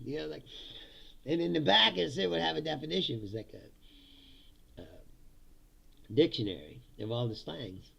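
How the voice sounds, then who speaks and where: Laughing, rambling man with a gravelly voice. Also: fairly high pitch, lively intonation, moderate pace, long pauses, sharp tone. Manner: rambling, laughs often, swears casually. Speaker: host. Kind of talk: casual live-stream monologue.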